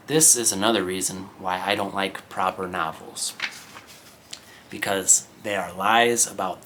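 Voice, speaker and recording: A man teaching English by reading a novel aloud, slow and explanatory, often checking in with his listeners. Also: fairly low pitch, a bit bright, a little hiss or hum.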